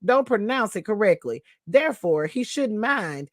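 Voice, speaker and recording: A woman's voice: medium pitch, very animated, moderate pace. A woman hosting a sassy news commentary show, who calls her listeners baby and honey, repeats a catchphrase and laughs between remarks.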